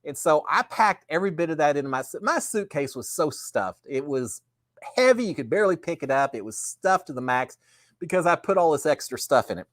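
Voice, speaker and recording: A man's voice: on the high side, expressive, brisk, fairly bright tone, no room sound, studio quality. A middle-aged man, hosting a casual live show in a rambling, folksy way. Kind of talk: casual live-stream chat.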